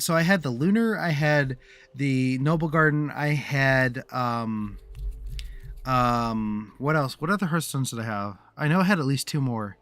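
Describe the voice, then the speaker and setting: Casual game streamer, male, mid-range pitch, chatty, rambling delivery with frequent restarts. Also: fairly bright tone, dry recording. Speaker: livestreamer. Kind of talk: casual gameplay commentary.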